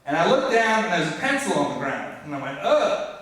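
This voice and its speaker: A man's voice: fairly high pitch, big pitch swings, quick pace, fairly bright tone, a little hiss or hum. A man in his thirties telling a true personal story live on stage, self-mocking and acting out the dialogue. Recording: echoey hall from far off.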